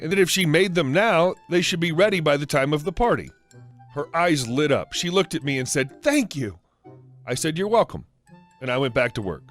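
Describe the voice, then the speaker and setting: A man narrating online stories in a matter-of-fact, scripted style. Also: fairly high pitch. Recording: faint music underneath.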